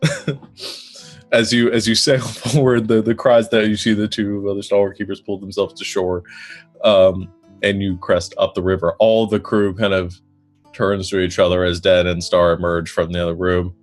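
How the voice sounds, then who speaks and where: A man's voice: sits low, level tone, faint music behind. A man narrating a tabletop game as game master, playful and laughing often. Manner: laughing often, playful, does quick character voices.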